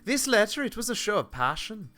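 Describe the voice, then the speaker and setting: A man's voice: high-pitched, sing-song, brisk, sharp tone, pitched above the performer's own voice, exaggerated voice. A man voicing a haughty, defensive noblewoman in a video game, with a put-on northern English accent that keeps slipping into Irish. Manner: defensive, aloof, theatrical. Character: haughty widowed noblewoman suspect.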